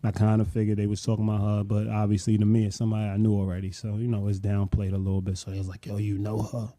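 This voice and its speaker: A man in his late thirties, co-hosting a podcast, telling a story in a relaxed, rambling way full of "you know". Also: on the low side, very fast, no echo. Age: late 30s. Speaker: podcast co-host. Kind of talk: casual storytelling chat.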